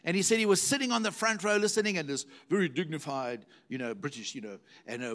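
A man's voice: a little high, expressive, quick pace, hardly any pauses, fairly bright tone. A middle-aged man preaching a sermon, telling stories animatedly and repeating words for emphasis. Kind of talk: sermon storytelling.

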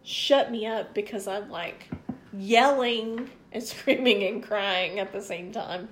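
A woman telling a story on a podcast in a lively, profane way, acting out what people said. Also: medium pitch, takes it slowly. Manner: animated, profane storyteller who acts out quotes. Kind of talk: casual podcast chat.

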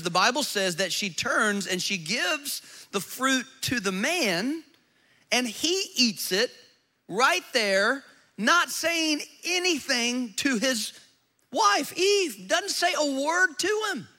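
A man's voice: high-pitched, bright, forceful tone. A man preaching a sermon as pastor, emphatic and joking, with rhetorical questions to the congregation.

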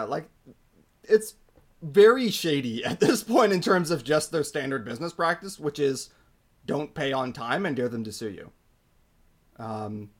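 Male podcast co-host, casual, opinionated, middle pitch. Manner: opinionated, animated, frequent fillers. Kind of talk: casual hockey chat.

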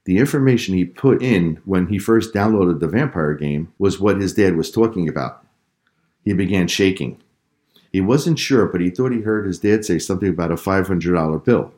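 A man narrating a children's story in a calm, measured way. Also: low-pitched.

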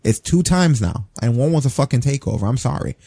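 A man's voice: medium pitch, lively intonation, brisk, gravelly, mellow, slightly rough, no echo, clean studio sound. A man co-hosting a casual wrestling chat, ranting bluntly and swearing freely. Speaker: podcast co-host.

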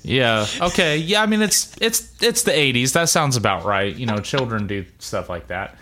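A stammering, evasive building guard, as a man plays him, fumbling over his words. The voice is bright and tense. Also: medium pitch, lively intonation, moderate pace. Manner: hesitant, stammering. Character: nervous, evasive adult male building guard.

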